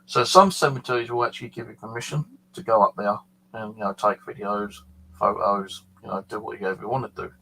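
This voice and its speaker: A man's voice: fairly low pitch, fairly even intonation, fairly quick, sharp tone, a little hiss or hum, poor audio. A man with a British accent telling a paranormal story in a casual, rambling way, full of fillers. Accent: British English. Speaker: paranormal channel host.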